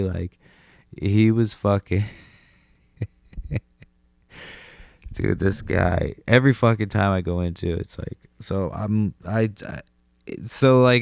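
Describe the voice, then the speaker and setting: A man's voice: on the low side, vocal fry, darkish tone, no room sound, clean studio sound. A young adult man hosting a solo podcast, rambling casually with lots of profanity, fillers and restarts. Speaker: podcast host.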